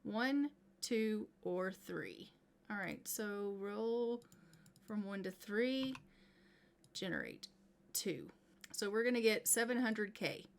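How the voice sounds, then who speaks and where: A woman's voice: mid-range voice, big pitch swings, slow, gravelly. A woman giving casual commentary on her own gameplay, chatty and thinking aloud as she plays. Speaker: gaming YouTuber.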